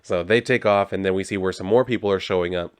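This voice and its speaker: A man's voice: low voice, quick pace, clear, resonant tone, no echo. A man casually recapping a comic book, laid-back and swearing freely.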